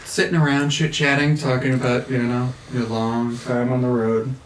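A man's voice: mid-range voice, little pitch movement, normal speed, a little hiss or hum. Man narrating a tabletop game in an echoey room. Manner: casual, loose scene-setting with fillers. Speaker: game master. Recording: echoey room, mic at a distance.

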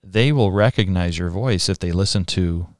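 A man's voice: deep voice, normal speed, no echo, clean studio sound. A man hosting a podcast, easygoing in casual interview chat. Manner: easygoing, laughs between remarks. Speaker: podcast host.

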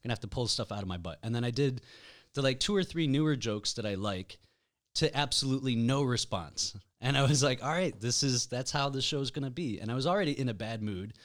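A man's voice: medium pitch, a little fast. A young man hosting a casual podcast, telling self-mocking jokes and stories. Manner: joking, self-mocking storyteller. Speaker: podcast host.

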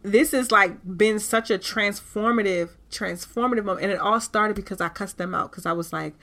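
A woman with hosts her podcast in a candid, animated way and curses freely. Her voice sounds bright and forward, with a middle pitch. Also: moderate pace, hardly any pauses. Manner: animated and candid, with frequent cursing. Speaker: podcast host. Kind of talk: casual spiritual talk.

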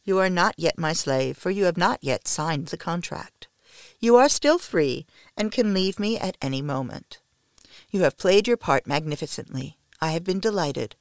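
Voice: animated, moderate pace, no room sound, studio quality, lightly acted. A reader voicing a capricious, commanding young noblewoman in an audiobook, teasing and haughty by turns. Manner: commanding, teasing, raised pitch and volume. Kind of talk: audiobook reading of a novel.

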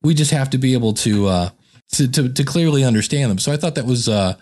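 A man's voice: medium pitch, fast talker. A man who hosts the podcast and does voiceover work, talking casually and thinking aloud. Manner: relaxed, chatty, thinks aloud with restarts. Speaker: podcast host and voiceover artist.

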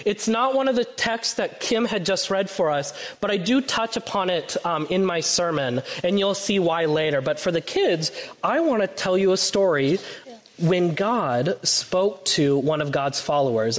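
A pastor reading a Bible storybook to children during a church service, speaking gently and encouragingly. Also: male voice, high voice, expressive, unhurried. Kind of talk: children's story time and sermon. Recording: reverberant church hall.

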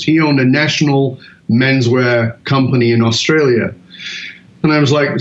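A British man in his sixties, a guest telling animated stories and acting out the other people in them. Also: medium pitch, normal speed. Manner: animated anecdotes, acts out quoted voices. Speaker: guest speaker. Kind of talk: storytelling in an interview. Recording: roomy, dull lo-fi audio.

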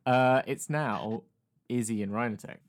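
A man casually hosting a party game, laughing often and tossing quick asides. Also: mid-range voice. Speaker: game host.

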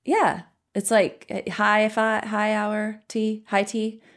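A middle-aged woman co-hosting a podcast in casual chat, animated and telling stories with quoted asides. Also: medium pitch, takes it slowly. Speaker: podcast co-host.

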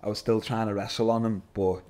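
A man, a guest telling his story in an animated, casual way, swearing and calling everyone lad. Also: lowish voice, fast. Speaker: podcast guest, MMA fighter.

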